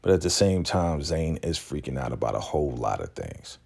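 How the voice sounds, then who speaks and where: A man hosting a casual episode recap, telling it in an animated way with quick laughs. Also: a bass voice, creaky, breathy edge. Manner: animated storytelling, slips in laughs and acted-out quotes. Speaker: YouTube recap host.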